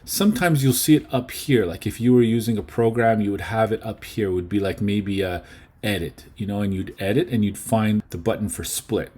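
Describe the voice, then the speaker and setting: A man's voice: lowish voice, a little mellow, slightly rough. A man teaching a casual lesson on video editing, chatty and often checking in with his students. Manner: chatty, checks in with okay and right.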